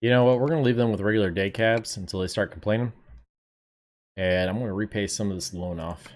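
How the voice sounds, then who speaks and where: A man's voice: fairly low pitch, fast. A man streaming a game, chatting casually to his viewers, laid-back and swearing now and then. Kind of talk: casual live gameplay commentary.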